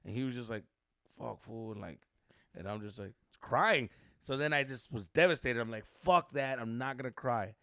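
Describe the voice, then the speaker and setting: A man's voice: medium pitch, normal speed, pushed and bright, dry recording, clean studio sound. A young man co-hosting a podcast, telling a story in casual chat, swearing freely and dropping Spanish slang. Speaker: podcast co-host.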